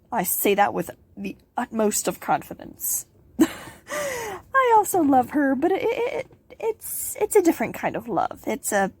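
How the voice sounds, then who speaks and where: A woman's voice: a little high, a little mellow, slightly rough, no room sound. A teenage girl hosting a casual question-and-answer vlog, bubbly and giggly, rambling with playful asides. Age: teens. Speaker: channel host.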